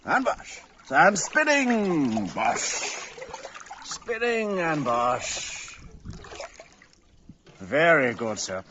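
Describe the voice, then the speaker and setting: A man talking playfully to his pet in a slow, drawn-out sing-song voice, teasing and affectionate, as a livestream host. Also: fairly high pitch, very animated, a little hiss or hum. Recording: dull lo-fi audio.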